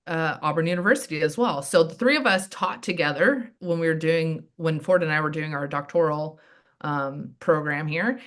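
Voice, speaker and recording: A woman in her thirties, a handball player and team director, telling stories in a chatty, animated way as an interview guest. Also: sits low. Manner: chatty, animated storytelling with frequent "like" and "um". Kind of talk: casual interview chat.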